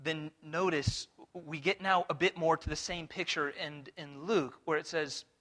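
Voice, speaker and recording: Male Bible teacher, sermon delivery, higher than usual voice, animated questioning style. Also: measured pace. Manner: animated, full of rhetorical questions. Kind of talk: expository sermon to a room. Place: room with a live audience.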